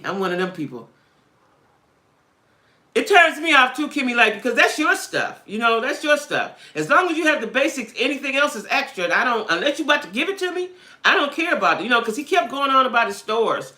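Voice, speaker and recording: A woman hosting a livestream chats with viewers about dating, blunt and streetwise, constantly checking in with "right?" and "you know what I'm saying?". Her voice is high-pitched and sharp, with a roomy sound.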